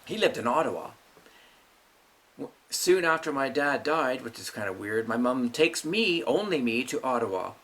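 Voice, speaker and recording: Middle-aged male vlog host, bitter rant, swears a lot, mid-pitched voice. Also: expressive, normal speed, fairly bright tone. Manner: bitter, ranting, heavy swearing. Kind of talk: angry personal monologue.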